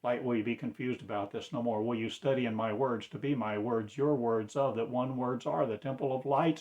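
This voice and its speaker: A man preaching in a slow, declamatory way, with sudden loud rises in his voice. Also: medium pitch. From United States. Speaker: self-styled spiritual teacher. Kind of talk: impassioned preaching.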